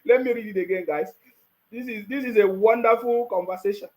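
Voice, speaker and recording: Brief: Nigerian male commentator, high voice, mocking tone, laughs a lot, repeats himself. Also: a little fast, a little mellow, rough recording. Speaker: political commentator. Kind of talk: casual commentary.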